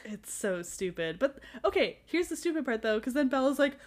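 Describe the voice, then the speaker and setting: A woman's voice: high-pitched, moderate pace. A woman in casual podcast chat, recapping a book with lots of laughter and acted-out quotes. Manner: animated, laughing often, acts out quotes. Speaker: podcast co-host.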